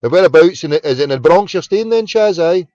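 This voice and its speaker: Glaswegian male host, chatty and casual, a bit high-voiced, dry lo-fi home recording. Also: lively intonation, fast talker, warm tone, dry recording. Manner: chatty, fumbling with the tech between calls. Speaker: phone-in show host. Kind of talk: casual phone-in chat. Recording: dull, lo-fi home broadcast.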